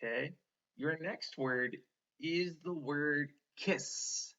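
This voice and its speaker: A male teacher talks slowly and patiently, breaking words into sounds and praising his student. His voice is bright. The recording is dull and lo-fi. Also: fairly high pitch. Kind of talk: one-on-one spelling lesson.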